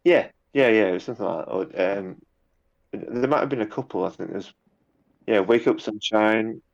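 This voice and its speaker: A man's voice: lowish voice, normal speed, gravelly, lo-fi sound. A man chatting casually in an interview, rambling a little with repeated words and fillers. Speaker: guest, YouTube narrator.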